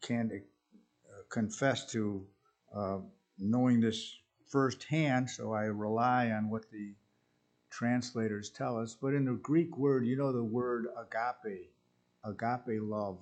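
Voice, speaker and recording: Slow, hesitant male preacher. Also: medium pitch, steady tone, a little mellow. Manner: hesitant, many fillers and restarts. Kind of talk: sermon.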